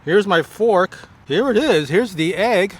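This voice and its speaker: Effusive man reviewing food, higher voice. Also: lively intonation, slightly rough. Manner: effusive, many drawn-out exclamations while tasting; halting restarts between bites. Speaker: food vlogger. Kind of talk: casual food review to camera.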